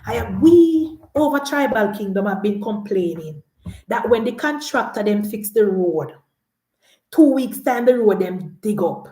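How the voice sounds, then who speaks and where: A woman's voice: medium pitch, unhurried. Scolding Jamaican woman in an echoey room. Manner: animated, scolding, mocking. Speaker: political commentator. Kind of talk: political rant to camera.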